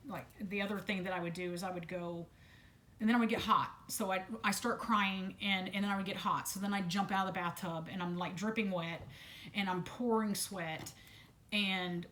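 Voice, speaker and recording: A woman speaking unscripted to camera about a personal ordeal, halting with many restarts and repeated words and blunt swearing, while still detoxing from medication. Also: mid-range voice, fairly bright tone, slight background noise. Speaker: vlogger sharing a personal story.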